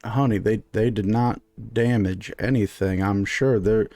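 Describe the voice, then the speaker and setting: A man voicing a meek, henpecked middle-aged husband who talks in a low, hesitant mumble, in a tabletop game. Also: a little slow, warm tone, no echo, soft background music, natural voice.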